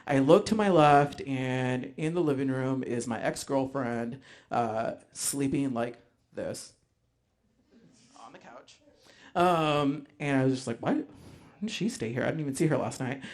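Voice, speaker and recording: A man telling a personal story live on stage, animated, acting out voices, with frequent ums. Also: medium pitch. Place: stage before a live audience.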